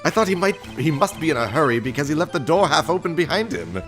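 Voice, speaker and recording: A man's voice: big pitch swings, fast talker, music in the background. A man doing a squirmy sneaky witness in a fake British accent. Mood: nervous testimony. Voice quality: high, nervous, fawning. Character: squirmy sneaky male newspaper salesman witness.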